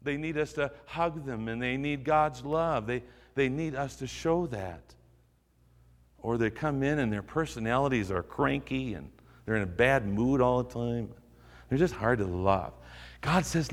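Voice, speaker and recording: A man's voice: medium pitch, unhurried, in a large hall. A male pastor preaching a sermon, earnest and urging, repeating phrases for emphasis.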